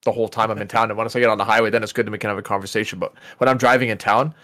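A man co-hosting a podcast over a voice call, ranting and swearing about other drivers and acting out what he'd yell at them. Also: fairly low pitch, fairly even intonation, rapid-fire. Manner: ranting, swears a lot, acts out angry quotes. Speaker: podcast co-host. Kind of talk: casual chat. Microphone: recorded over a voice call.

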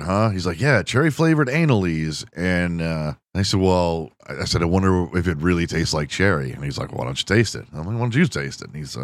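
Low-voiced man telling crude stories. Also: no room sound. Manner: crude, self-mocking, animated storytelling. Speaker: podcast host. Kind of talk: casual storytelling monologue.

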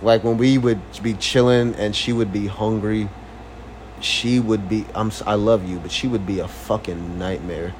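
A young man in casual couple chat, telling animated stories, swearing freely and acting out voices. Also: fairly low pitch, moderate pace, a little hiss or hum.

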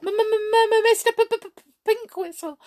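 A woman voicing a frightened boy who cries and stammers in a shrill, wailing voice. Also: fairly even intonation, slow, darkish tone. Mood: sobbing. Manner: stammering, wailing, high-pitched. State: crying.

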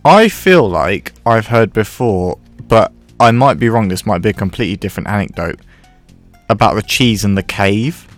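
A man with a fairly low voice, chatting on a radio show in a studio. He speaks in a dry, wry way, with faint music playing behind him. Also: lively intonation, moderate pace. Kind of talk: casual radio chat.

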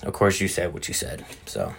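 A man's voice: deep voice, huge pitch swings, moderate pace, creaky, fairly bright tone, breathy edge. A man hosting a casual solo podcast, rambling in a laid-back, profane way. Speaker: podcast host.

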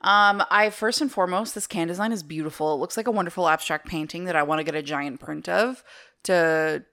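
A woman with a smooth, clear voice co-hosting a relaxed drinks podcast. She talks with upbeat, chatty enthusiasm as she reviews a beer. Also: on the low side, brisk. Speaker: podcast co-host. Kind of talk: casual chat.

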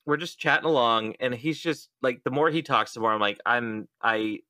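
A man's voice: mid-range voice, moderate pace, hardly any pauses, no room sound. A young adult man hosting a podcast, telling a story in casual chat and acting out the quotes. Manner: animated storyteller, acts out quotes. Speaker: podcast host.

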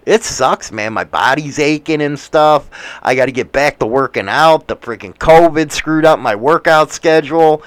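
A man in his forties with a Chicago accent, rambling through news with profane, animated asides. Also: on the high side, moderate pace, clear, resonant tone, no room sound. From United States. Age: 40s. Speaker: commentator reading news. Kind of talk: casual commentary.

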